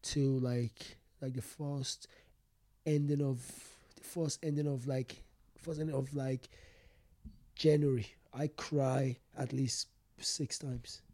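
A young man, a comedian speaking candidly in an interview, halting and repeating himself, often laughing. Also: medium pitch, fairly even intonation, darkish tone, dry recording, studio quality. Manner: halting, repeats words, frequent "you get me", laughs often. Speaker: stand-up comedian, guest.

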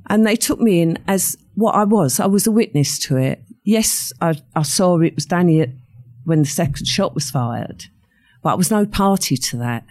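A woman's voice: deep voice, vocal fry, a little mellow. An older woman, recounting a true crime story as an interview guest and acting out the quoted voices.

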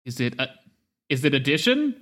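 A man's voice: mid-range voice, sing-song, moderate pace, fairly bright tone. A man playing a boastful, melodramatic halfling with a pompous, theatrical way of telling his stories. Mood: playful.

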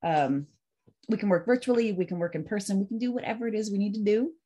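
A woman's voice: mid-range voice, fast, slightly rough. A woman coach talking casually and animatedly to a virtual group, then reading a poem aloud. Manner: animated, chatty, frequent "like".

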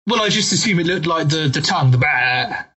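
A man's voice: on the high side, animated, a little fast, pushed and bright, slightly rough. A man co-hosting a pub podcast, joking, bantering and swearing freely. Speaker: podcast co-host. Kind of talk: casual chat.

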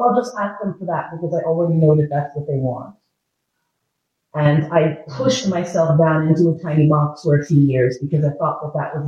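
A man with a slightly raised pitch gives a frank, humorous lecture, swearing casually as he tells personal stories. The recording is roomy and echoey. The sound is dull and lo-fi. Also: warm tone.

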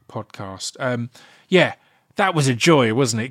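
A man's voice: medium pitch, expressive, unhurried, no echo, studio quality. A man, from Thurrock, hosting a podcast in a chatty, enthusiastic, rambling way. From Thurrock, Essex, England. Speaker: podcast host. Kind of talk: casual chat and podcast outro.

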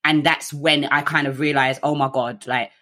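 A woman's voice: low voice, normal speed. Chatty woman telling her story. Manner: chatty, frequent fillers, animated quoting, laughs at herself. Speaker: guest. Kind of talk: candid personal storytelling.

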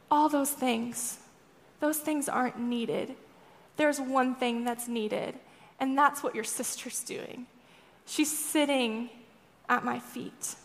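A young woman tells a scripture story as a sermon, speaking expressively and often asking her audience questions. Her voice is high, and a long reverb trails it through a large hall. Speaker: speaker at a church gathering.

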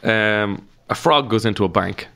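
A man's voice: fairly low pitch, unhurried, gravelly, pushed and bright. A man with an Irish accent, a comedian guest chatting casually on a podcast and telling stories with laughs and swearing. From Ireland.

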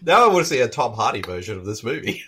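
A man co-hosting a casual movie commentary podcast, jokey and quick to laugh. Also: fairly low pitch, big pitch swings, pushed and bright, husky. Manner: jokey, laughs often, swings up and down. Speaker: podcast co-host.

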